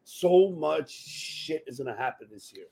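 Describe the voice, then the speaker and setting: A man hosting a casual podcast, excitable and swearing freely, calling others bro and man. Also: on the high side, measured pace, creaky, husky. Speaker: podcast host.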